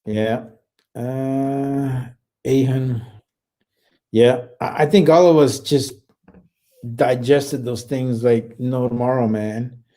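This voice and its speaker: A man's voice: mid-range voice, slow pace, pauses often, warm tone. A man in his forties, a veteran hosting a casual live chat, who swears freely and rambles with many fillers and restarts. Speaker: livestream host and Army veteran. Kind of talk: casual live chat, reading and answering viewer comments.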